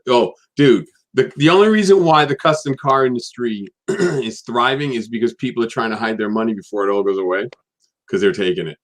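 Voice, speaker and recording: A man's voice: medium pitch, brisk. A man hosting a live talk show who is easygoing and chatty and laughs often. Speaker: host. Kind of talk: casual chat.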